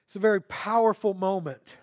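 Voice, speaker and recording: A man preaching a sermon and retelling a scripture story, swinging between hushed, quiet passages and emphatic, louder ones. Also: sits high, a little fast, lo-fi sound.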